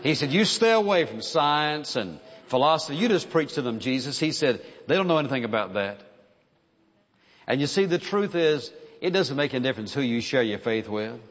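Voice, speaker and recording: A man's voice: mid-range voice, expressive, brisk, fairly bright tone, highs cut off. Earnest male preacher in a reverberant hall. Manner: earnest, emphatic preaching with repeated phrases. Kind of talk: sermon.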